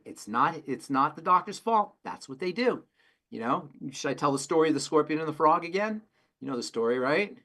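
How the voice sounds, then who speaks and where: A man's voice: a little high, animated, brisk, pushed and bright. A man working as a pharmacist, answering health questions in an emphatic way and repeating phrases for stress. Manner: emphatic, repeats phrases, tells folksy stories. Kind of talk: call-in health talk.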